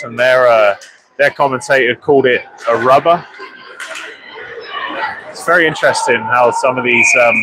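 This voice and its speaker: A man doing live play-by-play for an ice hockey game with rambling, self-deprecating asides, excitable when a goal goes in. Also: medium pitch. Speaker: hockey commentator. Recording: loud arena noise behind the voice.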